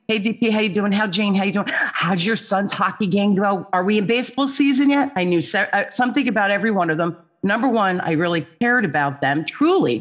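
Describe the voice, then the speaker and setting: A middle-aged woman, a guest on a podcast, telling a story in an animated, expressive way. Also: medium pitch. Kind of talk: storytelling in an interview.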